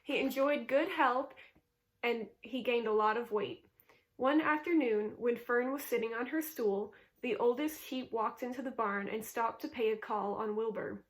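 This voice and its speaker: A woman reading a classic children's novel aloud in a calm, steady voice. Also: a little high, measured pace. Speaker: reader.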